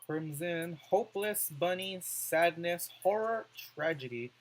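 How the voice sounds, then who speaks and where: A man's voice: on the high side, unhurried, rough recording. A man doing let's play commentary, reading on-screen words aloud and musing over his choices.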